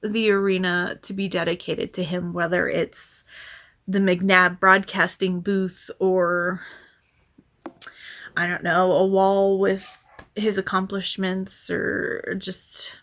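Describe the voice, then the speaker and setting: A woman vlogger rambling casually, often sighing and restarting her sentences, speaking softly and sometimes trailing into a whisper. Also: on the low side, flat delivery, slow pace. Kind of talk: casual rambling vlog chat.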